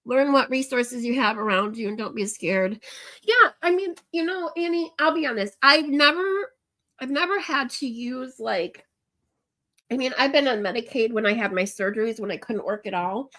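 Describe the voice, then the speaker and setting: A woman's voice: on the high side, moderate pace, sharp tone. A woman hosting a livestream, talking to her viewers in a casual, ranting way through tears, with lots of restarts and fillers. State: crying. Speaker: livestream host.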